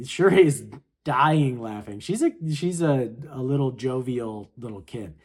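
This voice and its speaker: A man's voice: mid-range voice, lively intonation, slow, a little mellow, slightly rough. A man casually chatting his way through a comic chapter, laid-back and full of slangy filler. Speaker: manga reaction host. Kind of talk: casual chapter read-along commentary.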